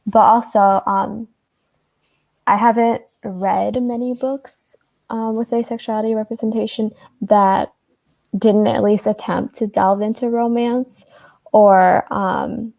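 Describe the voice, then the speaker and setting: A woman's voice: mid-range voice, steady tone, slow, gravelly, mellow. An American woman talking in a casual online book club, enthusiastic and using frequent um fillers. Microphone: video call.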